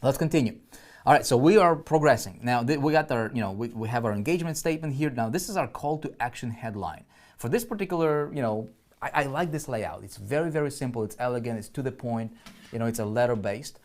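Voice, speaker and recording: A man's voice: mid-range voice, animated, fast talker, darkish tone. Chatty man teaching a marketing class. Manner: chatty, lots of "right?" check-ins, frequent restarts. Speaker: online marketing trainer. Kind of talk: live screen-share teaching.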